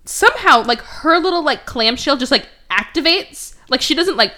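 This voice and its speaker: A young woman hosting a podcast in casual chat, sarcastic, often slipping into quick mocking voices for characters. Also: high-pitched, lively intonation, sharp tone. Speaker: podcast host.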